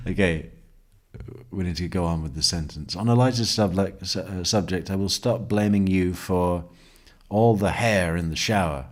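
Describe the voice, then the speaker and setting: A man commenting on a courtroom testimony, reading passages aloud with a sardonic tone and frequent laughs. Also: sits low. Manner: sardonic, laughs often, slow deliberate reading. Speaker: true crime commentator.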